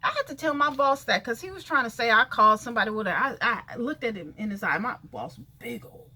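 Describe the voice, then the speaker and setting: A woman's voice: fairly high pitch, animated, fast, bright, forceful tone, breathy edge. A woman venting in a casual video rant, blunt and sassy, cursing freely and talking straight to people she calls out. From California. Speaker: vlogger.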